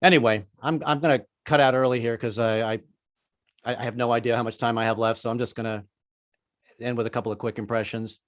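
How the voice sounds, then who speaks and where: A man's voice: medium pitch, fairly even intonation, quick pace, no room sound, studio quality. A man doing a rambling, self-deprecating stand-up set over a video call, slipping into voices. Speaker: stand-up comedian.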